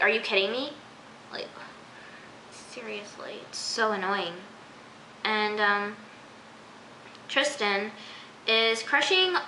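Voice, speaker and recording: A teenage girl with a mid-range, pushed, bright voice recaps a TV episode in a casual vlog, rambling and exasperated, full of "like" and repeated phrases. The room is echoey, with slight background noise.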